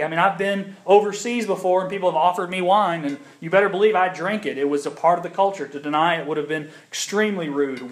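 A young man from the United States preaching a sermon in a conversational way, with frequent ums and restarts, building in intensity at key points. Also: sits high. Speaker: pastor.

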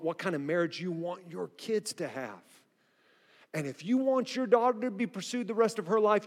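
Pastor, male, high voice, energetic and joking, recorded in a church with long reverb. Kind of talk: sermon. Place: church sanctuary.

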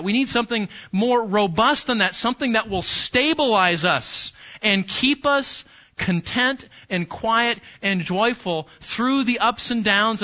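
A man's voice: high voice, sharp tone, highs cut off. A man preaching a sermon in a church, speaking conversationally, repeating key phrases and putting questions to the congregation. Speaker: pastor.

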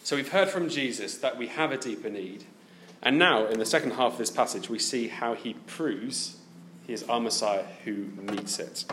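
A man's voice: medium pitch, a bit bright, a little hiss or hum. A man preaching a sermon, asking his listeners many direct questions.

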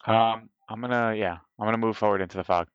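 Male player, low pitch, dry room, deliberate rule-reader. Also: steady tone, clean tone, dry recording, muffled recording. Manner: deliberate, counts moves aloud and reads rules out. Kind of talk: tabletop game play.

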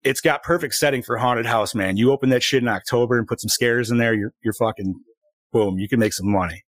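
A man's voice: medium pitch, a little fast, no echo. Casting note: thirties man, easygoing stream co-host, mid-range voice, cussing, dry close sound. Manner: laid-back, swears a lot, calls people dude. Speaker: podcast co-host. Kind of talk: casual profane chat. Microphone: streaming setup with ring light.

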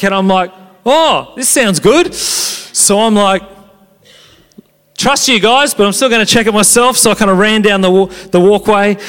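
A man with a somewhat high voice delivers a conversational sermon. He tells stories with energy and animation. His voice rings out with a long reverb, as if in a large church hall. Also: moderate pace, smooth. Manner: animated storytelling, conversational preaching. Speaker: pastor.

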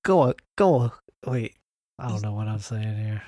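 A man co-hosting a casual podcast. He talks in a hesitant, low-key way and leans heavily on filler words. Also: lively intonation, moderate pace, warm tone, no room sound. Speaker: podcast co-host.

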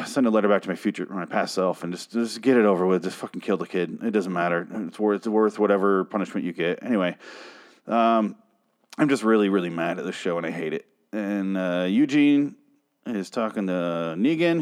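Male TV reviewer, slightly low voice, swearing, fed up, rambling recap with restarts. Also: normal speed. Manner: profane, exasperated, rambling with restarts. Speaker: TV show reviewer. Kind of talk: casual episode recap and rant.

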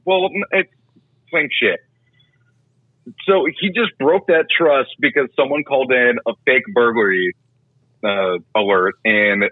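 A man's voice: medium pitch, slightly rough, dry recording. A man co-hosting a casual comedic chat, crude and laid-back, swearing freely. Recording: tinny phone-like line, dry.

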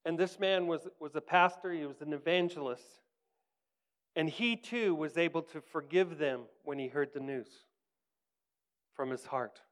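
Earnest man preaching, smooth voice. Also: on the high side, unhurried. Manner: earnest, drops to soft hushed tones in quoted lines, rises for emphasis. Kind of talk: sermon storytelling.

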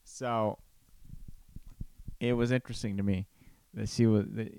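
A man's voice: fairly low pitch, little pitch movement, unhurried, gravelly, mellow, clean tone, no echo, clean studio sound. A man hosting a podcast from home, rambling casually with frequent restarts and chuckles. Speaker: podcast host. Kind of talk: casual chat.

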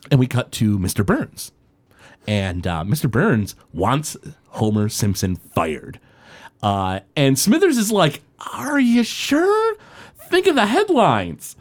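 A man chatting casually as a podcast co-host, rambling through an episode recap with many filler words and frequent laughter. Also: medium pitch.

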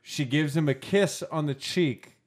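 Podcast host, young man, slightly high voice, drawls through casual stories with loud laughing outbursts. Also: unhurried. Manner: loud, laughing, breaks into yelling. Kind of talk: casual storytelling chat.

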